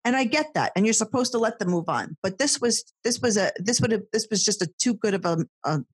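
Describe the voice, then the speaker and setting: A husky-voiced woman in her thirties co-hosts a casual podcast. She tells her stories in a chatty, animated way, her voice sitting in an ordinary middle pitch. The sound is dry and close. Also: quick pace, dry recording. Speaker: podcast co-host. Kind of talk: casual chat.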